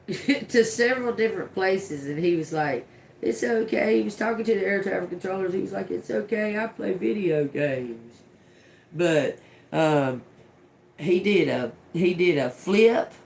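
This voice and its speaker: A middle-aged woman streams a channeled tarot reading in a slow, unhurried way. She swears freely, giggles to herself and drifts between muttered single words and rambling asides. A faint background hum sits under her voice. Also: fairly low pitch, lively intonation, vocal fry, darkish tone. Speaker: tarot reader on a livestream. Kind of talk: casual live channeled reading.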